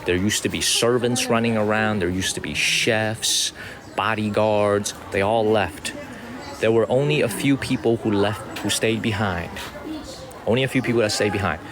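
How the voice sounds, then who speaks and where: A man from the United States hosting a live-streamed walking tour outdoors, chatting to viewers, thanking them by name and repeating his points. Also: on the low side. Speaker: livestream tour host. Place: outdoors at a historic residence. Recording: outdoor street noise.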